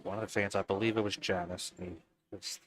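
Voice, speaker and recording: A man's voice: low voice, level tone, fairly quick, crowd noise, poor audio. Easygoing Philly-accented male commentator. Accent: Philadelphia. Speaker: sports commentator. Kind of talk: casual commentary banter.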